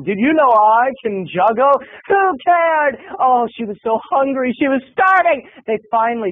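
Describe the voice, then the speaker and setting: A man's voice: very high-pitched, phone-quality sound. A man vlogging, telling a funny story with theatrical, exaggerated delivery. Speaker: video blogger. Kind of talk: comedic storytelling vlog.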